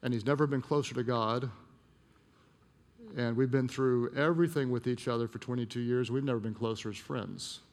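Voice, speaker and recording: Gravelly-voiced man preaching in a large hall. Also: mid-range voice, fairly even intonation. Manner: storytelling with emphatic repetition, dropping soft and slow at emotional moments. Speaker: pastor. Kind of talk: sermon.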